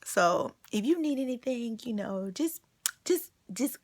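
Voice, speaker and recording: A woman voicing an elderly, motherly female inmate who speaks gently and hesitates, repeating her words. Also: a little high, expressive, unhurried. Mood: gentle.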